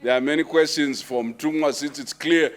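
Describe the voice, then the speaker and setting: Guy running a q&a at a book launch, quick and jokey, fairly high voice, keeps everyone brief. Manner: brisk, bantering, urging brevity. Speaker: moderator of audience questions. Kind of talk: chairing a Q&A session. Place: lecture hall with an audience.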